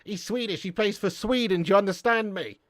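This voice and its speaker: A man's voice: high-pitched, fairly quick, fairly bright tone, no room sound, studio quality. A young English man hosting a football live stream, reading chat messages and bantering with viewers in a slangy, swearing, laugh-filled way. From England.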